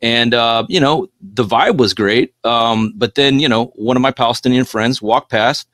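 A man in casual podcast chat, telling a personal story with lively, animated energy and plenty of swearing. His voice sits in a middle register and is captured close with a dry, dead sound. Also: medium pitch, moderate pace, no echo.

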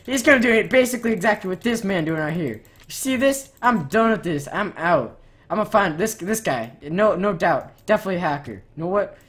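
A woman gamer giving profane, excitable gameplay commentary, ranting in loud outbursts while she plays. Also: mid-range voice.

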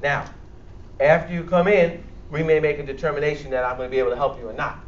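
A man's voice: on the high side, fairly even intonation, quick pace, slight background noise. A man with a Bronx accent leading a church health workshop, talking bluntly and joking with his audience. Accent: Bronx New York. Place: church hall, speaking to a live audience. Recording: echoey hall, distant and dull.

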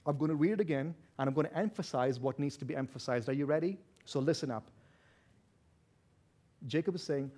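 A man preaching with a noticeable non-native accent and a fairly high voice. He is loud and driven, swinging between forceful shouts and hushed, intimate asides. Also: fairly quick, long pauses. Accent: non-native English accent. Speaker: pastor. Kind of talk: sermon.

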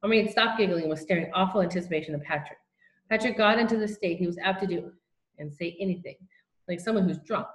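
A woman reading a children's novel aloud in plain, unhurried narration with small slips. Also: fairly low pitch, echoey room, rough recording. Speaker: reader.

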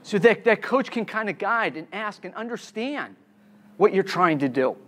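A man with a notably high voice delivers a live conference keynote. He keeps firing questions at the audience and repeats his key words for emphasis. His stammered restarts keep it sounding unscripted. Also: animated, normal speed, fairly bright tone.

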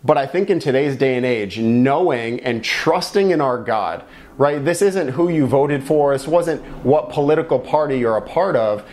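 A man's voice: mid-range voice, animated, moderate pace, a little mellow. Earnest man giving a short devotional. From United States. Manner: earnest, encouraging, conversational preaching. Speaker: pastor.

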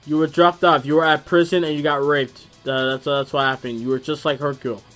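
A man commentating his own video game, hyped and loud, yelling and cursing at the characters on screen. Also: a little high, little pitch movement, fairly quick, faint music behind. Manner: hyped, profane trash talk; yells at the screen. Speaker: gamer. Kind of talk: let's play commentary.

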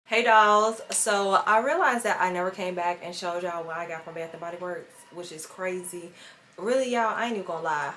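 A woman's voice: lowish voice, a little fast, fairly bright tone, slight background noise. A young adult woman vlogger, chatting casually and sassily to her viewers. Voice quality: sassy, chatty, lots of "girl" and "baby". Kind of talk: casual chat to camera. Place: at home, voiceover then sitting at a table.

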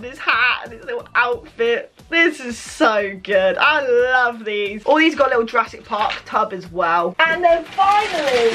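A young woman filming an unboxing vlog, excitable and gushing, breaking into squeals and laughter. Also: high-pitched. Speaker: YouTuber.

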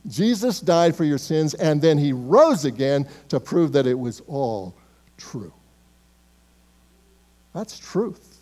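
A man preaching a sermon as pastor in a church, emphatic and swinging between loud declarations and hushed, quiet words. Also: on the high side, sing-song, slow pace, pauses often. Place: church sanctuary.

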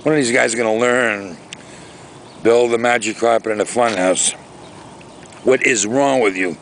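A man's voice: on the low side, moderate pace, creaky, long pauses, a little hiss or hum, rough recording. A man talking casually to his camera outdoors by a lake, rambling and ranting in a chatty vlog. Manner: rambling, chatty, exaggerated rants. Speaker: vlogger.

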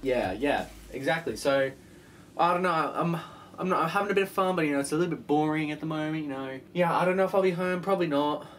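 Talking fast in a slightly high voice, a young man rambles through a casual bedroom vlog. He curses a lot, stays animated, and imitates the voices on phone calls. There is slight background noise.

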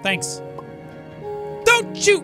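A man giving excitable let's play commentary, swinging from yelling outbursts to low mutters. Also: extremely slow, faint music behind. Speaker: gameplay commentator.

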